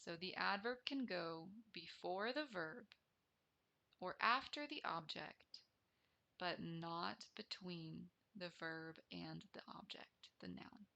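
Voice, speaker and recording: A woman English teacher explaining a grammar lesson deliberately, repeating each key term. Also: fairly low pitch, vocal fry, pushed and bright.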